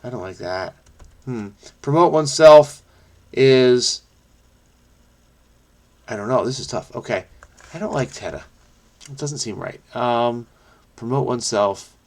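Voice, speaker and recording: A man thinking aloud as he solves a crossword, muttering to himself with many fillers and self-corrections, quick bursts between slower musing. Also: mid-range voice, animated. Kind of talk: thinking aloud while solving.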